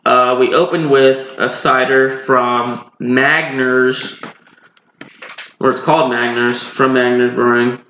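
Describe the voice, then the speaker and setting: A North Carolina man co-hosts a podcast, chatting casually and explaining beers at length in a laid-back, digressive way as part of a beer review. His mid-range voice is steady, slow, bright and forceful, with slight background noise. The recording sounds roomy, dull and lo-fi.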